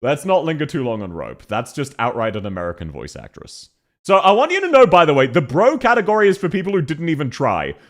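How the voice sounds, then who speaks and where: Laughing Australian man, lively voice. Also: on the high side, fast. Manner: laughing, joking, animated. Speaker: streamer. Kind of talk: casual chat, ranking reactions.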